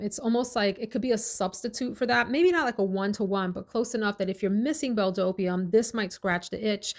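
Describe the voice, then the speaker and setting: A woman chatting casually in a fragrance review vlog, enthusiastic and talkative, dwelling on each scent note. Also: medium pitch. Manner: chatty, enthusiastic, lists scent notes slowly.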